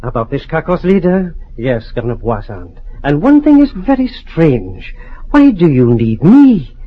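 A skeptical American professor. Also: male voice, a little high, very animated, measured pace, husky, heavily acted. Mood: inquisitive. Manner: inquisitive and skeptical. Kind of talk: old-time radio drama. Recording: dull lo-fi old radio recording with faint hiss.

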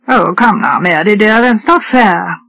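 A woman's voice: mid-range voice, expressive, measured pace, fairly bright tone, no echo, low-quality recording. A woman doing a long-suffering husband. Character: patient, long-suffering middle-aged husband.

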